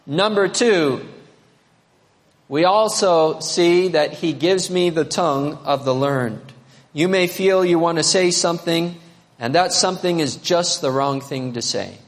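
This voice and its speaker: A pastor delivering a sermon in a high, bright-toned voice. He preaches with animation, pushing up to emphatic peaks and then dropping low. His voice rings out with the long reverb of a large sanctuary. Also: a little slow.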